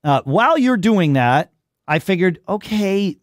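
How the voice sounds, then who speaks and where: A man hosting a tech podcast, his voice swinging widely up and down as he rants in playful exasperation. He sits a touch higher than most men and is recorded close and dry, with no room sound. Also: unhurried, dry recording. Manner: animated, mock-exasperated ranting. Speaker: podcast host. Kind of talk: casual tech podcast chat.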